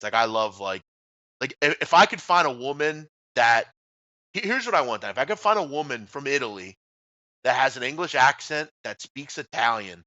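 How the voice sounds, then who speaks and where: Sports radio cohost guy, bright edgy voice, blunt and mouthy, dry muffled sound. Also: medium pitch, no echo. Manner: blunt, trash-talking, drops off at phrase ends. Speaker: co-host. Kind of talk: casual sports radio banter.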